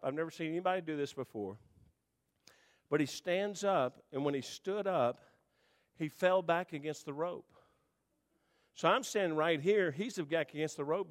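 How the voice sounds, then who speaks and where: A man preaching to a congregation, telling a rambling, animated story with restarts. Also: a little high, normal speed. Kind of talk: storytelling sermon.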